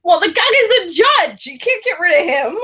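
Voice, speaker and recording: A woman's voice: very high voice, a little fast. A middle-aged woman co-hosting a casual chat about reality TV, telling stories with lots of laughter. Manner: giggly, animated storytelling. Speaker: co-host.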